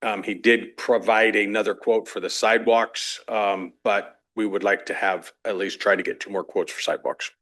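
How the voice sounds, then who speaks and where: A man's voice: fairly low pitch, steady tone, normal speed, hardly any pauses, a bit bright. A man reporting to a council on projects and budgets in a plain, businesslike way with some fillers. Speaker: staff member reporting on projects. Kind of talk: meeting report.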